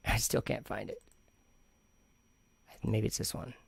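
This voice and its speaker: Argumentative man with a gravelly voice. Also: lowish voice, slow. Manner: argumentative and sarcastic; rambling with frequent restarts. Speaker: channel host. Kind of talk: commentary vlog reacting to comments.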